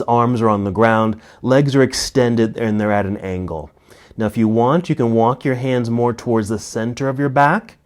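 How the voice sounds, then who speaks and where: Male yoga teacher, middle-aged, mid-pitched, steady calm cues, a little winded. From United States. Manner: calm cueing of poses and breaths. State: slightly out of breath. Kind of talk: guided yoga class instruction.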